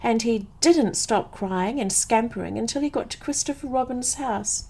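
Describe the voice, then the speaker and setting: A woman from England, slowly and expressively reading a bedtime story in a soothing way. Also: fairly high pitch, creaky, a little mellow, slightly rough, poor audio.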